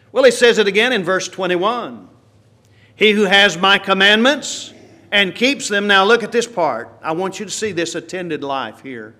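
A man preaching a sermon, swinging from quiet, slow asides to loud, emphatic lines. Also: sits high, expressive.

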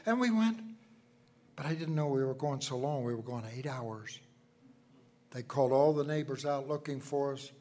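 An older man preaching a sermon, telling folksy personal stories and swinging from loud emphasis to hushed asides. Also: mid-range voice, normal speed, pauses often.

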